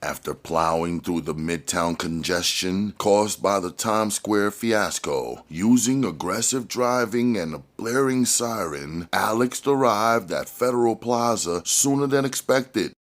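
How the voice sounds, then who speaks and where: A man narrating an action novel aloud in a measured way that climbs on dramatic moments. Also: lowish voice, lively intonation. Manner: measured, rising on action beats. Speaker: audiobook reader.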